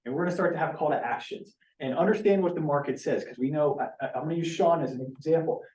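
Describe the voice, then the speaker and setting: A man's voice: fairly high pitch, fast talker, a little mellow. A man leading a team meeting who speaks in an earnest, direct way and often restarts his sentences. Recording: roomy, from a distance.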